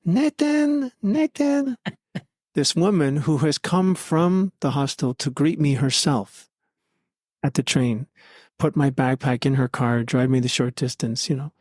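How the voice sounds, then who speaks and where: A man speaks as a podcast guest, recounting his experiences in an earnest, heartfelt way. His voice sits at an ordinary middle pitch. The sound is dry and close, with no room echo. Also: steady tone, measured pace, a little mellow. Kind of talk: conversational storytelling.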